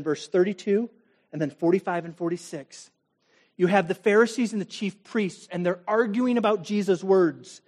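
A man preaching a sermon as pastor, dramatic and direct, swinging between loud emphasis and hushed, intimate tones, and challenging his listeners. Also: sits high.

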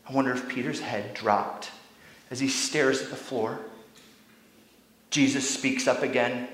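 A young adult man preaching a sermon as a pastor, telling the story with animated, acted-out lines. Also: mid-range voice, measured pace, pauses often, echoey room, rough recording. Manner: animated storytelling, acting out quoted lines, drops to a whisper.

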